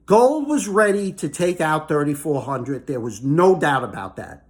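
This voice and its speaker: A man's voice: a little high, very animated, a little slow. A man giving an angry, emphatic monologue about the markets, who keeps tagging his points with "okay?" and "all right?". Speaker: market commentator. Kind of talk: casual ranting monologue.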